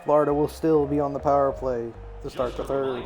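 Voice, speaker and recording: A man's voice: medium pitch, faint music behind. Man calling video game hockey play-by-play. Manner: rapid play-by-play, rising excitedly on shots and goals. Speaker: play-by-play commentator. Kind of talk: live-streamed video game hockey commentary.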